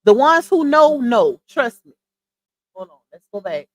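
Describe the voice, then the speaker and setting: Chatty high-voiced woman streamer. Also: expressive, a little slow. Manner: chatty, incredulous, laughing asides to viewers. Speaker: live stream host. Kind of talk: casual commentary on a clip.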